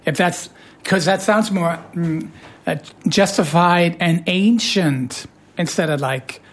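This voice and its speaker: Speaking slowly, a woman hosts a laid-back studio radio conversation in a husky, hoarse voice that sits a little low. She teases her co-host in a playful way and animatedly presses down on the words she means to stress.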